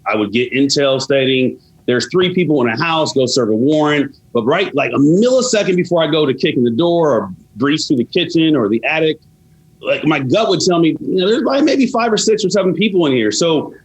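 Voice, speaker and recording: A man talking as a podcast guest, telling stories in a measured, reflective way. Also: mid-range voice, expressive, low-quality recording. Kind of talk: casual podcast interview.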